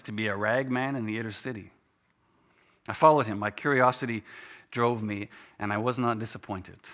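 A man telling a story dramatically, expressive and dropping to a hush in quiet moments. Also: mid-range voice.

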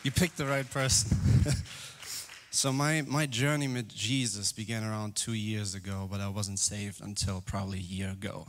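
A man's voice: lowish voice, fairly even intonation, moderate pace. A man in his twenties sharing his personal testimony in church, speaking in an earnest and candid way. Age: 20s. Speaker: guest giving testimony. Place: church, live.

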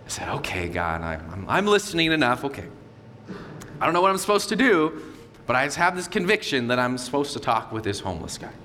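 A man in his thirties preaching a sermon as a pastor, telling a personal story with lively acted-out inner dialogue. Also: a little fast. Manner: animated storytelling, acting out his own inner voice. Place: church sanctuary. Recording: long hall reverb, faint low rumble.

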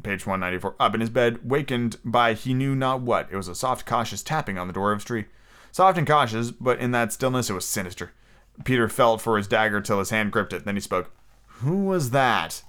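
Smooth-voiced man reading aloud. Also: on the low side, a bit bright. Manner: casual, with fillers and self-corrections while reading. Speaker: podcast host. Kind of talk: reading a novel aloud with asides.

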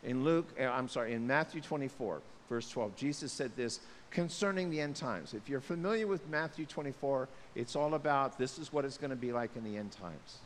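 Man, pastor, sermon, animated, long reverb, faint hiss. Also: mid-range voice, a little fast, few pauses. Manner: animated, acts out voices of people, jokes aside.

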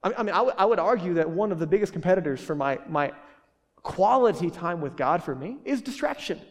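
A man's voice: high-pitched, expressive, a little fast. Casual joking pastor, man, hall echo. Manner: casual, joking, many fillers and restarts. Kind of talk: sermon. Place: church hall. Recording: reverberant church hall.

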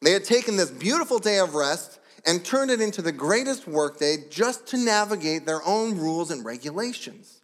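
A pastor delivering a sermon, telling the story with lively asides and brief voiced characters. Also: male voice, sits high, moderate pace, few pauses. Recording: long hall reverb.

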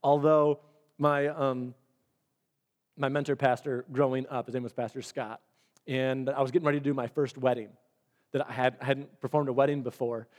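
A man's voice: mid-range voice, level tone, moderate pace, a little mellow. A male pastor preaching a sermon in a chatty storytelling manner, often restarting his sentences. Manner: conversational storytelling with repeated restarts.

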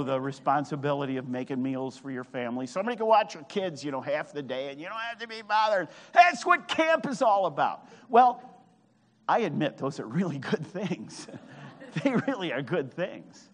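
A man preaching a fervent sermon at a camp, swinging from hushed words to shouted, drawn-out emphasis. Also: medium pitch. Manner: draws out key phrases slowly. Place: meeting hall at a camp. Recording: long hall reverb.

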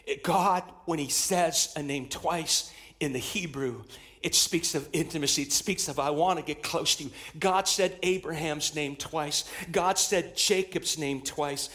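A man's voice: on the high side, measured pace, fairly bright tone. A man preaching a sermon to his church in an emphatic style, repeating phrases as he builds intensity. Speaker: pastor.

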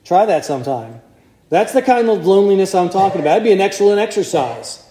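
A man's voice: sits high, big pitch swings, quick pace, mellow, echoey room. A man preaching a sermon to a congregation in a conversational way, putting questions to his listeners. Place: church.

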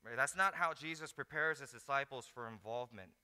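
A man preaching a sermon, telling the story with lively acted-out asides. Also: medium pitch, fairly quick, clear, resonant tone. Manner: animated storytelling, acts out disciples in mock voices. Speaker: pastor. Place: large hall. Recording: echoey hall.

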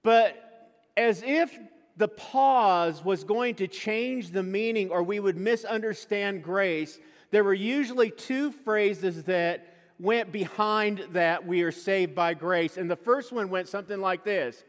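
A man's voice: high-pitched, slow. A male pastor preaching a sermon, telling stories and acting out quoted voices as he goes. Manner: animated storytelling with quoted asides. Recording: long hall reverb.

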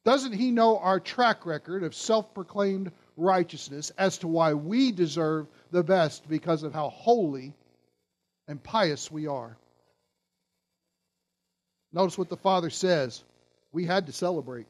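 A man's voice: on the high side, lively intonation, measured pace. A male pastor giving a sermon, emphatic and asking his listeners questions.

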